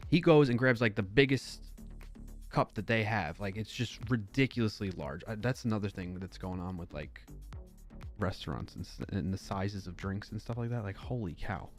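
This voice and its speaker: Man rambling through an incredulous anecdote. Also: fairly low pitch. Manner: rambling, filler-heavy anecdote with self-corrections; incredulous, animated retelling. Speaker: live-stream host. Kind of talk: casual storytelling chat.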